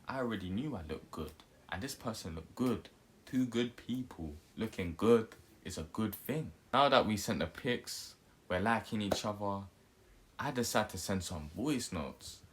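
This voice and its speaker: Lively young man telling a funny story. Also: fairly low pitch. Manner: animated, jokey, acts out quotes. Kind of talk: casual storytime vlog.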